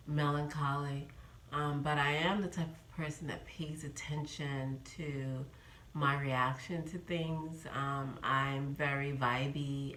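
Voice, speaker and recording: A woman's voice: sits low, a bit bright, reverberant, slight background noise, rough recording. A woman in her fifties from New York, chatting casually in a rambling vlog update with many ums. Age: 50s. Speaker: vlogger.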